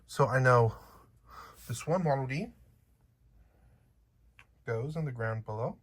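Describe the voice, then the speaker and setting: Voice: mid-range voice, slow, husky. A chatty unboxing vlogger with a slight accent who talks playfully to viewers and cracks jokes along the way. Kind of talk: casual unboxing chat.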